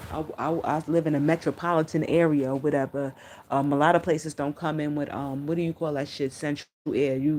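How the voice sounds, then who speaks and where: A woman's voice: sits low, darkish tone, a little hiss or hum. A middle-aged woman chatting on a live stream, blunt and profane, answering her viewers as she tells stories. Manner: blunt, profane, candid storytelling; talks back to viewers' comments. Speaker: livestreamer. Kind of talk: casual live-stream chat.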